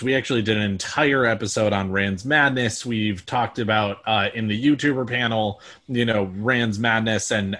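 A man hosting a casual podcast conversation at a medium pitch. He rambles, hedges and restarts his sentences often. The delivery is relaxed and conversational. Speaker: podcast host. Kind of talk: casual chat.

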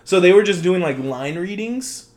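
A man's voice: sits high, animated, normal speed, darkish tone. Chatty, laughing male podcast co-host. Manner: chatty, laughs often, swears casually. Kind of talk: casual film discussion.

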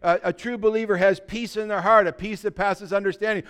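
A man pastor giving a sermon, exhorting his listeners with humorous asides and swinging between quiet asides and loud, fervent passages. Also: high-pitched, fairly even intonation, fairly quick, hardly any pauses, smooth.

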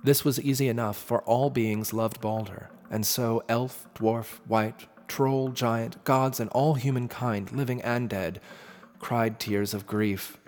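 A man narrating a myth in a measured, dramatic storytelling manner. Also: medium pitch, fairly even intonation, darkish tone. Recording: long reverb with faint music.

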